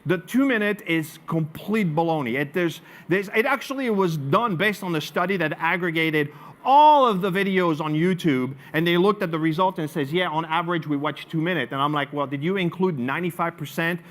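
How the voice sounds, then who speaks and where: A man from France with a French accent, giving a live marketing presentation to an audience as an animated storyteller who swings between loud emphasis and quiet asides. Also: a little high, normal speed, few pauses. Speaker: marketing speaker.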